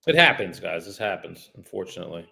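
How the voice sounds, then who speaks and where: This real estate broker talks quickly in a low, creaky, husky voice that's bright and forceful, with big swings in pitch. Streaming his cold calls, he chats loosely with viewers, turns courteous and formal on calls, and curses when things frustrate him.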